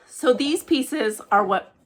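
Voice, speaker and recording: A woman's voice: sits high, lively intonation, takes it slowly. Gushing woman showing off stitching gifts. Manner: gushing, emotional, often hushed and breathy with delight. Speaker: cross-stitch vlogger. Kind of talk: casual show-and-tell vlog.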